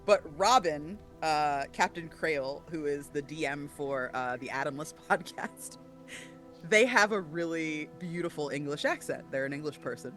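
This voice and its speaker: A man guesting on a podcast, chatting casually and telling animated, profane stories with frequent laughter. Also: a little high, moderate pace, soft background music. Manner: animated, profane storyteller who laughs often. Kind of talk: casual chat.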